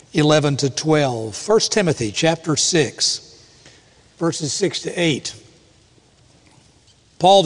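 A man preaching a sermon as pastor, reading scripture aloud in a measured, deliberate cadence. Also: on the high side. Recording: long hall reverb.

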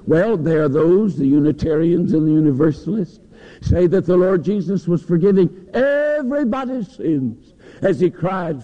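A male preacher delivers an impassioned sermon, his voice swinging between hushed lows and soaring peaks. His tone is mellow and sits a little high. The lo-fi recording is washed in the long reverb of a large hall. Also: animated, moderate pace. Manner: impassioned preaching, rising and falling.

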